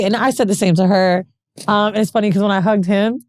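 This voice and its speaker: A woman co-hosting a podcast, telling a frank, profane story with animated quoted dialogue. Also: medium pitch, normal speed, no echo, studio quality. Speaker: podcast co-host. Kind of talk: casual storytelling chat.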